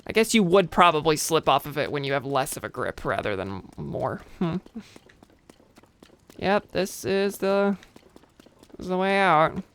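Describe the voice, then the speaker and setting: This is a game streamer talking casually through a play session, chatty and self-mocking, with the odd silly made-up word. The voice is bright and lively in tone. It comes through smooth and crisp. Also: mid-range voice, measured pace, pauses often. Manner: chatty, self-mocking, playful nonsense words. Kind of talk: casual gameplay commentary.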